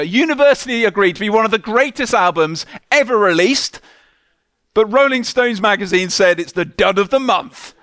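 A man, a church minister giving a relaxed, conversational sermon with light self-mocking humour. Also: high-pitched, dry recording, clean studio sound. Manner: conversational, self-deprecating humour, soft prayerful tone when praying.

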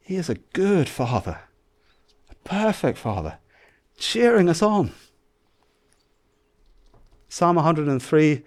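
A man's voice: on the high side, takes it slowly, pauses often. A man, preaching a sermon to his church and acting out voices as he goes. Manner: animated, acts out shouting and cheering voices. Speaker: pastor.

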